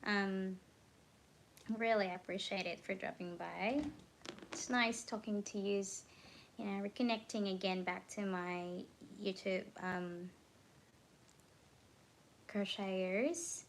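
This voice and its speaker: A woman hosting a late-night crafting livestream, talking slowly and easily at a middle pitch. She sounds a little drowsy and keeps stopping with ums to hunt for words. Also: fairly even intonation, slight background noise. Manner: unhurried, searching for words with many ums. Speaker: crochet livestream host. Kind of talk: casual livestream chat.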